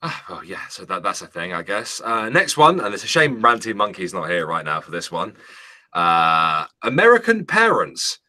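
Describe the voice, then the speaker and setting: A man's voice: low-pitched, expressive, moderate pace, bright, forceful tone. A British man, co-hosting a casual chat show, reading out news stories with jokes and casual swearing. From Britain. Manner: jokey, swears casually, frequent laughter.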